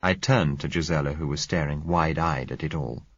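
A man narrates an audiobook in a measured, dryly wry manner. His voice is deep and husky. The recording is dry and slightly lo-fi. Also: no echo.

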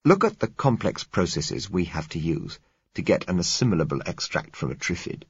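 A man's voice: sits low, very animated, normal speed, breathy edge, no room sound, heavily acted. A man reading the lines of an earnest man who argues his theories at length, in a lecturing way. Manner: argumentative, lecturing. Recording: muffled lo-fi recording.

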